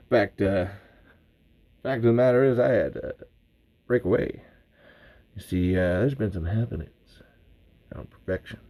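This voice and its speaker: A man's voice: lowish voice, dark tone, exaggerated voice. A man voicing a boastful, paranoid middle-aged survivalist in an improvised livestream, with a blustery, folksy drawl that slips toward Southern.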